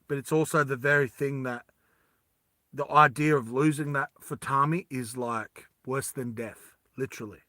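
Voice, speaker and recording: A man casually retelling an adventure story in a rambling, animated way with many fillers. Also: mid-range voice, moderate pace, no echo, clean studio sound.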